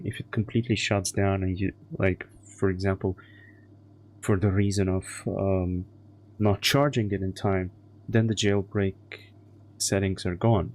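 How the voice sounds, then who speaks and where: A man's voice: deep voice, a little mellow. A man chatting casually on a live stream, crude and profane as he rambles through anecdotes.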